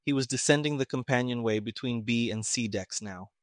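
A man narrating a mystery story in an even, measured reading. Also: medium pitch, no room sound, clean studio sound. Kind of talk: audiobook narration of a pulp mystery.

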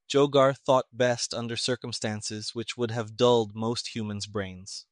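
A man narrating a story in a measured, even way. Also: medium pitch, dry recording, clean studio sound.

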